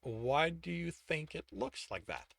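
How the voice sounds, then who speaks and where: A calm, patient mentor, as a man reads him speaks softly and steadily, dropping below the narrating voice. The sound is close and dry. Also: on the high side, slow pace, creaky, dry recording, exaggerated voice.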